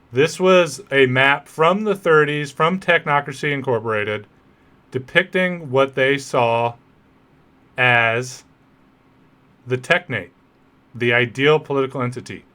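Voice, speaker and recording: A man's voice: mid-range voice, bright, forceful tone. A man hosting a podcast, talking straight to his listeners in a conversational political commentary monologue. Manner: conversational, rhetorical asides to listeners. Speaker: podcast host.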